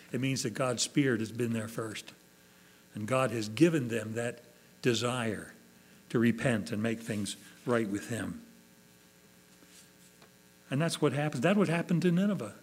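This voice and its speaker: A man preaching a sermon, earnestly acting out quoted prayers with rising emotion. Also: mid-range voice. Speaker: pastor.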